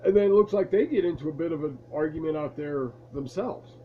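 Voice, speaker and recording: Fairly quick and a little high, his voice comes across narrow, on tinny audio with a little hiss or hum. He's a vlogger in a lamp-lit room at home, telling the camera a rambling, amused story from his past in a laid-back way.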